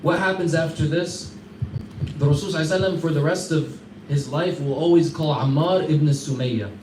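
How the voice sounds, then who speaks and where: A man teaching a class, retelling a story in a casual, animated way with Arabic fillers. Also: a little high, a little fast. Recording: echoey room, distant mic, background noise.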